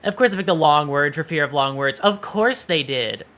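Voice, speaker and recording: A man's voice: on the high side, expressive, moderate pace, bright, forceful tone. A man streaming live, chatting casually and teasing his viewers, with playful swearing. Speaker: VTuber streamer.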